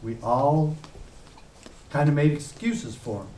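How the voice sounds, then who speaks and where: A man's voice: medium pitch, a little slow, long pauses, a little hiss or hum. Impassioned man speaking in an echoey room. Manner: forceful, rising to emphatic loud peaks. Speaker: former sheriff giving a talk. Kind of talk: impassioned public speech. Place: event room. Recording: echoey room heard from a distance.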